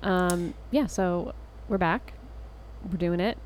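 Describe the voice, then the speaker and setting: A woman co-hosting a podcast in casual chat, answering in a relaxed, easygoing way. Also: lowish voice, slow pace, a little hiss or hum. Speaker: podcast co-host.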